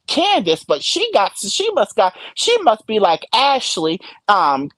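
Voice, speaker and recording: A woman streamer giving gossip commentary, ranting and cursing heavily and laughing loudly at her own stories. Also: fairly high pitch, huge pitch swings, unhurried, no echo. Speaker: live streamer.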